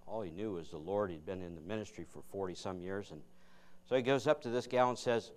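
Low, smooth-voiced folksy preacher man. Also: a little fast. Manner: folksy, conversational storytelling with earnest preaching. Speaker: guest preacher. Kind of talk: sermon with folksy joke-telling.

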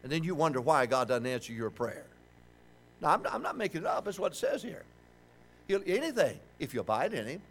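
Older male pastor, folksy and funny, slightly high voice, shouts key lines. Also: very animated, brisk. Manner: folksy, humorous preaching with shouted emphasis. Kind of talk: sermon.

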